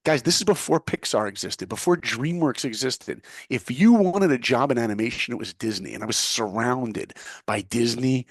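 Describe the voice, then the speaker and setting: A middle-aged man telling his story as an interview guest, emphatic and animated, acting out what others said. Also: medium pitch, moderate pace, dry recording, studio quality. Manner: animated, emphatic, acts out quotes. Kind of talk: motivational storytelling.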